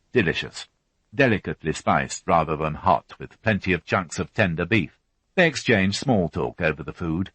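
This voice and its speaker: A man narrating a crime novel as an audiobook reader, unhurried and even. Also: sits low, no room sound. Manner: even, unhurried reading with voiced characters. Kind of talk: scripted narration.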